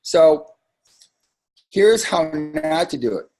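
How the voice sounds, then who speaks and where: A man with a husky, slightly breathy voice leads a sales training webinar. His delivery is conversational and emphatic, and he drifts into frequent asides as he coaches his team. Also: medium pitch, normal speed, a little mellow, faint music behind.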